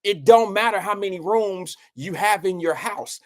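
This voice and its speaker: High-voiced man chatting on a live stream. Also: normal speed. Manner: rambling, candid, talks straight to chat by name. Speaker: live show host. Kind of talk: casual live-stream chat. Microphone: live-stream microphone.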